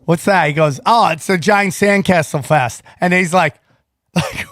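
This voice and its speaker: A middle-aged man with a high voice hosts a podcast in casual chat. He gets excited, swears freely and acts out both sides of the conversations he retells. The studio sound is dry and close. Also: a little slow, dry recording. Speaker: podcast host.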